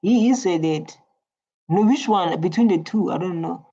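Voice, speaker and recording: A woman's voice: fairly low pitch, moderate pace, dark tone, muffled recording. A woman giving casual reaction commentary, rambling and repeating her words. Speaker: reaction video host.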